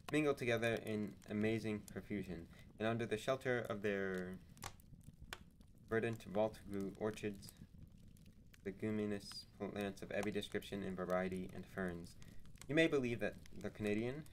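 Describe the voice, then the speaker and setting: A man narrating a novel aloud in a measured, deliberate reading on a livestream. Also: lowish voice, a little hiss or hum, poor audio. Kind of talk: audiobook-style narration.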